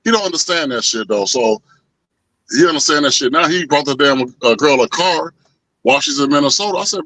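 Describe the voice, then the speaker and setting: A man telling a story in casual chat, animated and profane, acting out the voices of the people in it. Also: on the high side, a little fast, no echo, rough recording. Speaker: podcast co-host.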